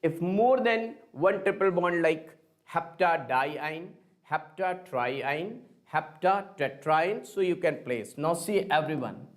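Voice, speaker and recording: A man teaching a live online chemistry class, talking slowly and repeating himself as he calls his students kids. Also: fairly high pitch, animated. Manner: slow, repetitive, addresses students as kids.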